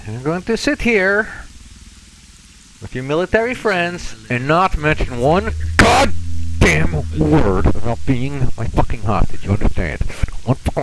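A swaggering, threatening stalker voiced by a man who bosses his hostages around in a thick fake Russian accent. His pitch swings widely as he swears and menaces through the game role-play. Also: a bit bright, a little hiss or hum, poor audio.

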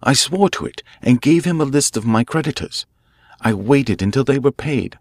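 A man's voice: medium pitch, animated, normal speed, no echo, voice pushed up. A man reading a classic mystery aloud, voicing a nervous male prisoner who pleads and confesses in a strained, broken way. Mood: confessing. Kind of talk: audiobook character voice.

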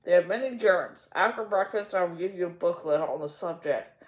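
A woman's voice: lowish voice, moderate pace, lo-fi sound, natural voice. A woman voicing a stern, strict middle-aged aunt who speaks in a clipped way. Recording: echoey room.

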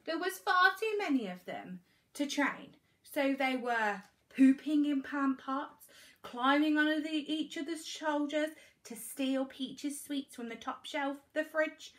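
An English woman, a primary school teacher, reading a storybook aloud to young children with animated expression. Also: high voice, slow pace.

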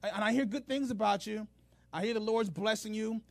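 A man voicing a petulant ancient king who whines, pleads and shouts for what he wants, in a raised, high voice. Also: animated, racing, husky, full character voice. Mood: desperate pleading. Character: whiny, petulant ancient king, male, adult.

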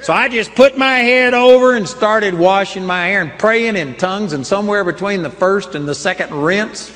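Older male preacher, high and echoing. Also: normal speed, fairly bright tone. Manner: earnest, emphatic storytelling. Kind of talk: sermon with personal stories. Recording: long hall reverb.

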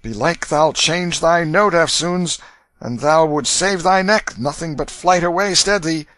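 A man's voice: a little high, a little slow, fairly bright tone, no room sound, voice pushed up. A man reading aloud, voicing a male stranger at the door who urgently warns of danger. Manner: urgent, warning.

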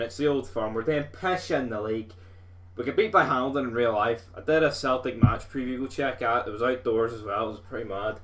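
Sweary Scottish man commentating gameplay. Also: medium pitch. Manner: sweary, rowdy, excitable fan. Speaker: gaming video host.

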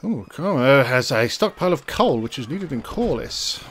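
A man explaining game mechanics in an excitable, casual chat with friends. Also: medium pitch, normal speed, slight background noise. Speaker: gaming channel regular. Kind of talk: casual multiplayer gaming chat.

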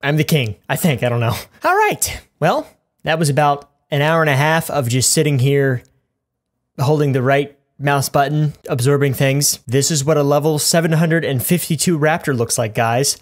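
A man's voice: a little high, lively intonation, normal speed. Male let's-play host, goofy and rambling, cracks crude jokes at the audience. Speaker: gaming YouTuber.

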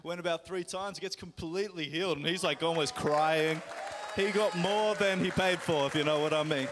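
A man's voice: on the high side, normal speed, a crowd in the background, background noise. Chatty man telling a story in a church hall. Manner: chatty storyteller, laughing often, then commanding in prayer. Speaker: worship leader sharing a healing testimony. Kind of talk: live church testimony and healing prayer. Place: large church hall, live service. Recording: long hall reverb.

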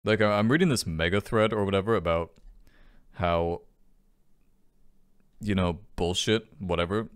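A man's voice: sits low, measured pace, pauses often. A man giving frustrated, swearing commentary while playing a video game. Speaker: gaming channel host. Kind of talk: let's play commentary.

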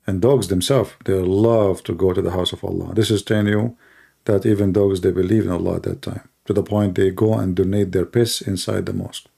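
Male apologist, mellow, gravelly voice, dry sarcastic delivery. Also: deep voice, steady tone, brisk. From Middle East. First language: Arabic. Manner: sarcastic, mocking. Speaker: Christian apologist. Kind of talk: mocking commentary and anecdotes.

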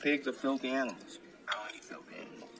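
A man's voice: medium pitch, fast, noisy background, close to an everyday voice. An actor playing a stern, preachy hitman in his forties who speaks intensely. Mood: firm.

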